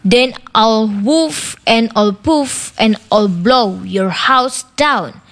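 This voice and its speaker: A woman voicing a demanding, boastful big bad wolf in a sing-song calling voice, in a slow children's storybook reading. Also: a little high.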